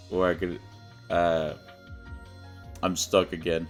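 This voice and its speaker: A young man chatting casually while streaming a game, rambling and often breaking into high-pitched laughter. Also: level tone, unhurried, pauses often, faint music behind. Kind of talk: casual livestream gaming chat.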